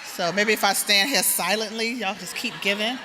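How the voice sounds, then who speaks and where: A woman giving a speech at a gala, lively and laughing as she coaxes the crowd. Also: medium pitch, normal speed, very noisy. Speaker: award presenter and gala speaker. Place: large event hall with a crowd. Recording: echoey hall with crowd murmur.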